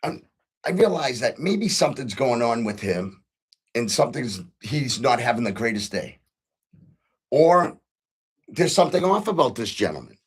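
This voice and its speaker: A man's voice: medium pitch, very animated, moderate pace, pauses often, breathy edge. Earnest middle-aged man telling a story. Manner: earnest, repeats himself, frequent ums and restarts. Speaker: podcast host. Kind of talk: casual storytelling monologue.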